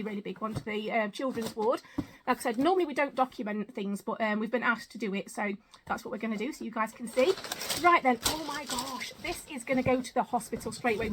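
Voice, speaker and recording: Excitable high-voiced woman vlogger. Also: a little hiss or hum. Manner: chatty and excitable, counting items aloud. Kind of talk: casual unboxing vlog.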